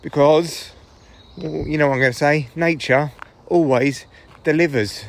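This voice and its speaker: A man's voice: fairly high pitch, steady tone, unhurried, gravelly. A man, a comedian, rambling through a casual solo podcast while walking his dogs in the woods. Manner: chatty, rambling, swears freely.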